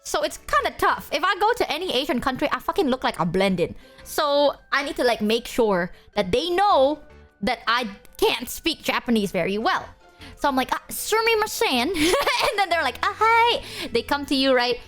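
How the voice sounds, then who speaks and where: A young woman streamer telling stories to her chat in a casual, animated way, acting out exchanges with bursts of Japanese. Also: sits high, moderate pace, soft background music. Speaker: VTuber streamer.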